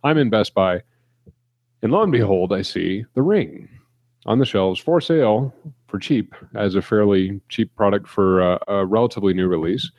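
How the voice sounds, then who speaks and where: A man's voice: fairly low pitch, normal speed, no room sound. A man co-hosting a casual podcast, telling a long anecdote and acting out quotes as he goes. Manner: animated storyteller, acts out quotes. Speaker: podcast co-host. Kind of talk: casual chat.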